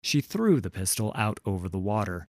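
A man narrating a fantasy story in a measured, expressive audiobook style on a close studio mic. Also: fairly low pitch, no room sound.

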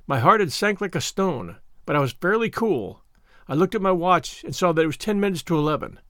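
A man narrating a novel in the first person, measured and earnest. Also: sits high, lively intonation, fairly bright tone, no echo, studio quality. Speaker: audiobook narrator. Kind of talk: scripted narration.

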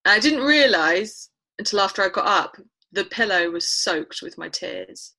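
A woman's voice: medium pitch, expressive, unhurried, vocal fry, pushed and bright, poor audio. A woman, candidly retelling a painful personal story in a podcast interview. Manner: candid, emotional retelling with quoted dialogue. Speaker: guest.

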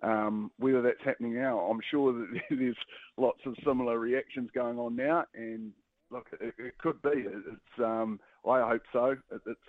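A man's voice: medium pitch, steady tone, normal speed, dry recording. A man, a guest calling in, talking casually with hesitant restarts and fillers. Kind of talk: casual phone-in chat. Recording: phone line.

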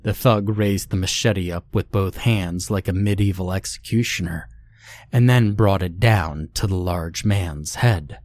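A man narrating a scripted horror story in a measured, grim way. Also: sits low, darkish tone, dry recording.

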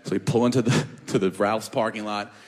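A man telling a comic story on a podcast in an animated, profane, self-mocking way. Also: on the low side, fairly quick, big-room sound.

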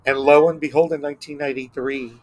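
A middle-aged man from Texas, a guest telling animated stories in a casual interview, acting out quotes as he goes. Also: on the high side, fast, slight background noise. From Texas, United States. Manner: animated anecdotes with acted-out quotes.

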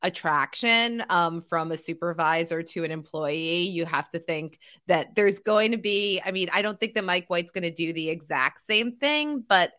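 A woman's voice: lowish voice, normal speed, hardly any pauses, bright, forceful tone. A woman co-hosting a casual podcast chat, thinking aloud with asides and the odd "um". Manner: thoughtful, talks things through with "um" and asides. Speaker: podcast co-host.

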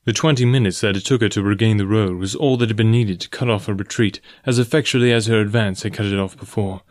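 A man narrating a classic adventure novel in a measured, even storytelling voice. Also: fairly low pitch, dry recording. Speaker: audiobook narrator. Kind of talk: scripted narration.

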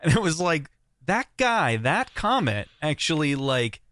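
A man, a guest on a podcast, chatting casually and telling animated stories that act out what others said. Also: on the high side, measured pace, no room sound. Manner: animated storyteller, acts out quoted comments. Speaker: guest, YouTuber. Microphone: remote recording mic.

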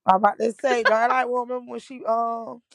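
A woman's voice with heavy gravelly fry, set a little high. She chimes in emphatically as a podcast guest, backing up her friends. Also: little pitch movement, fast, no room sound. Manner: emphatic, agreeing. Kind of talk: casual podcast chat.

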